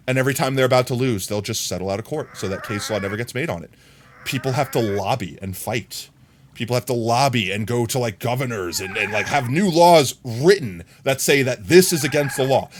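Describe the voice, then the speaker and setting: A male game streamer talking live to his chat, ranting one moment and cracking jokes the next. His middle-pitched voice swings widely as he goes. A faint hiss of noise runs beneath it. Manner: animated, ranting, jokey asides to chat. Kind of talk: live gameplay commentary.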